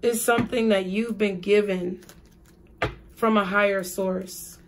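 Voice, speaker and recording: Woman doing a tarot reading, real slow and unhurried, repeats herself a lot, mid pitch. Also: steady tone, a little hiss or hum. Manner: slow, repetitive, spiritual phrasing. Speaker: tarot reader.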